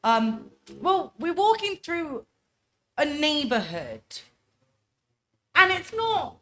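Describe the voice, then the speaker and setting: A young woman from England with an English accent, telling travel stories on a casual podcast, loud and chatty. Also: high voice, huge pitch swings, slow pace. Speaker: podcast co-host. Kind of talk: casual chat, storytelling.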